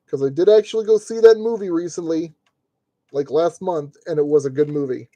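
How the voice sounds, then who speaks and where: A man's voice: on the high side, brisk, dark tone, no echo. A man talking to himself as he streams a model kit build, grumbling at fiddly parts and cracking jokes as he works. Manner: grumbling, joking self-talk while working. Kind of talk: live-stream building commentary.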